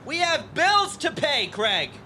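A man's voice: a little high, very animated, measured pace, bright, forceful tone, a little hiss or hum, heavily acted. A man voicing a fed-up mother who swears and scolds her ex over child support. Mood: angry. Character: angry fed-up woman, mother of young kids.

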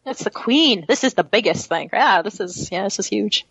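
A woman's voice: medium pitch, animated, moderate pace, creaky, a bit bright, husky, no echo. A woman co-hosting a casual podcast, chatting and reading book passages aloud in a dry, matter-of-fact way. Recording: slightly muffled audio.

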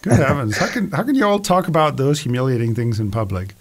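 Prissy, squeamish man played by the host, fussy exclamations, soft-spoken. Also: mid-range voice, lively intonation, fast, a little hiss or hum, lightly acted. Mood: prim. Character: prim, squeamish male newcomer. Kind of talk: rehearsed scene reading.

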